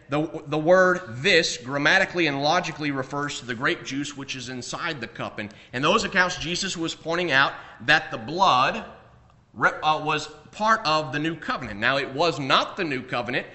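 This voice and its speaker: A man preaching a sermon, emphatic, rising on key points and dropping low on asides. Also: sharp tone. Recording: echoey room.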